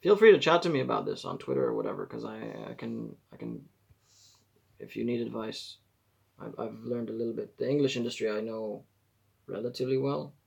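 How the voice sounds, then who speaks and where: Man, 40s, gravelly and husky, casual rambling live-stream chat. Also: medium pitch, big pitch swings, fairly quick. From Israel. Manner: rambling, self-correcting, chatty advice.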